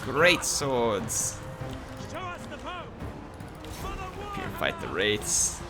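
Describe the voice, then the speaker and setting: A man commentating his own strategy game play in a chatty, excitable way, cheering at big moments. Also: mid-range voice, extremely slow. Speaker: gameplay commentator. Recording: game music behind the voice.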